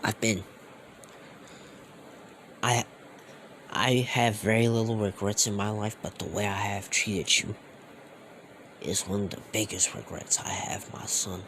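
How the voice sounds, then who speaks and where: Guy doing a earnest superhero captain dad, lowish voice, big heartfelt speeches. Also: fairly even intonation, unhurried, long pauses, fairly bright tone, slight background noise. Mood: remorseful. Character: earnest fatherly male superhero captain, older.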